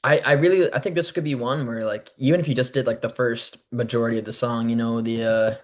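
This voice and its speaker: A man's voice: mid-range voice, fairly even intonation, fast, dull audio. A young man co-hosting a music podcast, chatting casually and animatedly, with lots of fillers and the odd swear word. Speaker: podcast co-host. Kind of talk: casual chat.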